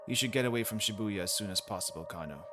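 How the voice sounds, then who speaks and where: Low, hushed, grave American agent voiced by a man reading a game aloud, music behind. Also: fast talker, natural voice. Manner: quiet, low muttering delivery. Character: stern, reserved American agent, adult man.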